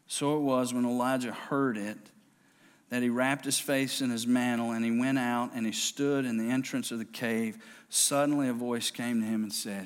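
A man preaching a sermon, with stammering restarts and quiet, hushed passages that build up to shouted exhortation. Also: medium pitch, steady tone, normal speed, clear, resonant tone. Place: large church sanctuary. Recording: long hall reverb.

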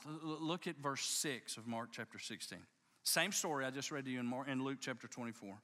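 A man's voice: mid-range voice, lively intonation, a little fast, pushed and bright. A man preaching a sermon to his congregation, telling the story with passion and emphatic restarts. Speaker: pastor. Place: church service before a congregation.

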